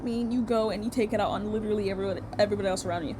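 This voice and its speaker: A woman's voice: mid-range voice, steady tone, racing, hardly any pauses, mellow, slight background noise. A young woman telling a personal story in a casual rant, blunt and heated, swearing a lot. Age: young adult.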